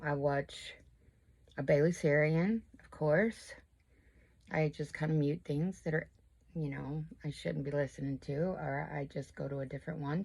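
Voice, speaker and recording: A woman, chatting casually and rambling while she does her makeup at home. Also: low voice. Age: 50s. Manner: rambling, chatty, self-deprecating. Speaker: crochet and makeup vlogger. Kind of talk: casual chat while getting ready.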